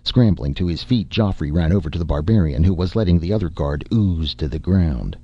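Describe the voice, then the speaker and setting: A man reading a story aloud as a narrator, in measured scripted narration. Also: extremely low pitch, animated, gravelly, mellow, slightly rough, no room sound, highs cut off. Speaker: audiobook narrator.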